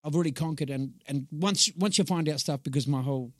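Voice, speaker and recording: Rambling, animated man. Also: a little high, fairly quick, no room sound, clean studio sound. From New Zealand. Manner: animated, rambling, repeats words, acts out voices. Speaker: guest. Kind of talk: casual storytelling interview.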